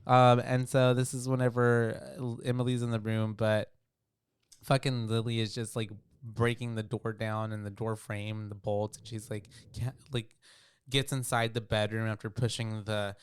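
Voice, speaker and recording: A man's voice: medium pitch, level tone, normal speed, clean tone, no room sound. A man co-hosting a podcast, recapping a film in rambling casual chat with lots of fillers and swearing. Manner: rambling, profane, with many fillers. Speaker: podcast co-host.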